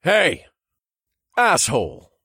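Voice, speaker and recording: A man's voice: lowish voice, big pitch swings, no room sound, clean studio sound. A man voicing a smug, taunting male evil genius villain in an audiobook, drawing out his sarcastic jabs. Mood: shouting. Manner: mocking, drawn-out sarcastic taunts.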